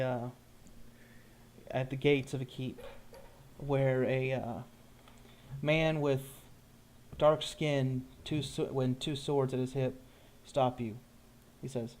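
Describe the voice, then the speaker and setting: A male game master narrates a tabletop role-play scene in a mid-pitched voice. His delivery is relaxed and improvised, and he pauses to search for his words.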